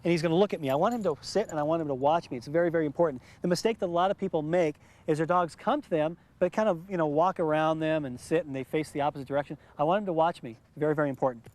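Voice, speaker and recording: Man, middle-aged, dog trainer, somewhat high voice, patient, repeats words for emphasis, instructional demo, outdoors. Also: very fast, hardly any pauses, a little mellow. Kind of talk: instructional demonstration.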